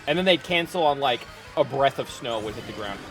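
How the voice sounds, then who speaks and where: A man's voice: mid-range voice, lively intonation, brisk, music in the background. A young man hosting a casual game stream, telling stories with lots of filler words. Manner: rambling storyteller with filler words. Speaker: streamer hosting a kart racing session. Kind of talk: casual chat while gaming.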